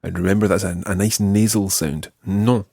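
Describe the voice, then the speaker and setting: A Scottish man teaching a language lesson, patiently modelling phrases slowly for the learner to repeat. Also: deep voice, steady tone, gravelly, darkish tone, slightly rough, no echo, clean studio sound. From Scotland. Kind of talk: slow, clear language lesson.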